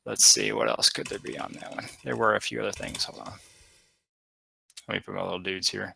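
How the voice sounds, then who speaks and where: Bright-voiced man running a tabletop game. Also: fairly low pitch, fairly even intonation, brisk, vocal fry, slightly rough, no echo. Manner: loose, hesitant narration with many fillers. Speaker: dungeon master.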